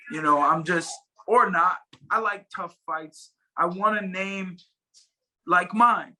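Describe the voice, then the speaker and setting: Male fighter guest, bright high-ish voice, loose rambling talk on a video call. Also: poor audio. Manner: rambling, many fillers and restarts. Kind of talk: casual interview chat.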